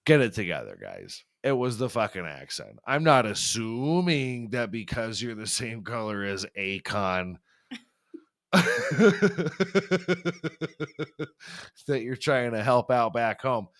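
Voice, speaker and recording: A young man does a profane, rambling comedy bit on his podcast. His pitch swings all over as he riffs, and he keeps breaking into laughter at his own jokes. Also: big pitch swings, slow, long pauses, a bit bright. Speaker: podcast host. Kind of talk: crude comedic monologue.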